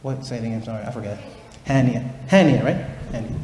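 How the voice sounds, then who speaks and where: A man teaching a tajweed workshop to students, encouraging and playful, demonstrating recitation slowly. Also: mid-range voice, expressive, a little mellow, slight background noise. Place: large room with students. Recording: echoey hall, faint ambience.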